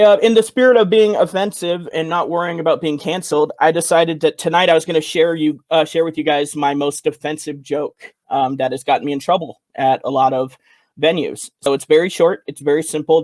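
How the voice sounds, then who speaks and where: Here is a giggly podcast co-host chatting casually, a little hesitant and full of ums. His voice sits slightly high, and the recording is dry and close. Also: fairly even intonation, fairly quick, a little mellow, no room sound.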